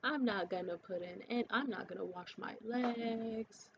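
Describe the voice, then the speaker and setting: A woman's voice: medium pitch, measured pace, creaky. A woman putting on the voice of a vain, careless young woman, mocking and sing-song. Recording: slightly muffled with faint hiss.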